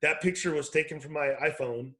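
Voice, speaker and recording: A man's voice: fairly high pitch, fairly quick, sharp tone, poor audio. Rambling, self-correcting man on a call. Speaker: educator, organization founder. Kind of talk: casual video call conversation. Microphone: video call.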